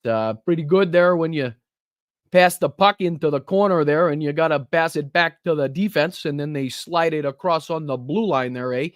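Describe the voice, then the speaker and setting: A man's voice: on the high side, moderate pace, no room sound, studio quality, voice pushed up, close to an everyday voice. A man putting on a singsong Canadian hockey fan. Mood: folksy. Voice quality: singsong, ends with eh.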